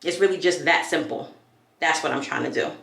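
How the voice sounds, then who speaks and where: A woman's voice: low voice, fairly quick, creaky, fairly bright tone, echoey room. A young woman from New York chatting casually as a vlogger while she does her hair, hyped and full of tangents. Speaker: beauty vlogger.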